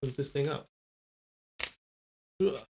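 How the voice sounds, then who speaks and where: A man's voice: medium pitch, takes it slowly, warm tone, slight background noise. A young man chatting casually on a live stream, rambling and answering viewers' comments.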